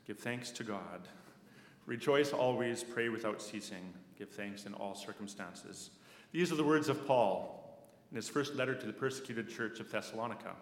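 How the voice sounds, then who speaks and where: A man from Canada preaching a sermon, slow and measured, repeating key phrases and dropping to soft asides. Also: lowish voice. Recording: echoey hall with long reverb.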